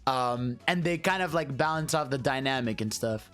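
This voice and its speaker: A man hosting a casual gaming podcast, talking in an animated, agreeable way with lots of fillers. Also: medium pitch, moderate pace, soft background music. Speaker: podcast host.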